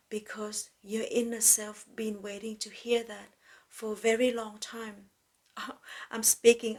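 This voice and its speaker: Slow, gentle woman speaking softly. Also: mid-range voice. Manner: gentle, slow, soothing, non-native grammar. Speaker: podcast host. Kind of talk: spiritual self-help talk.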